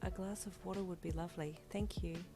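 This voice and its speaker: A woman voicing a sweet young pregnant wife in a fanfiction reading, speaking softly and a little higher than her narration. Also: steady tone, a little fast, soft background music, close to an everyday voice. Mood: reassuring. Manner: soft, slightly higher, stuttering when in pain.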